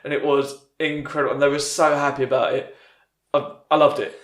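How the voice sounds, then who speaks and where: A man hosting a podcast, chatting casually with relaxed, encouraging remarks. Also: on the high side, a little fast. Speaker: podcast host. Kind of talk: casual interview chat. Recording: roomy echo.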